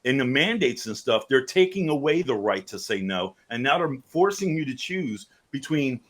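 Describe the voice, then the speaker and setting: A man's voice: mid-range voice, big pitch swings, moderate pace. A man co-hosting a podcast, pressing his point insistently in casual debate. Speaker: podcast co-host.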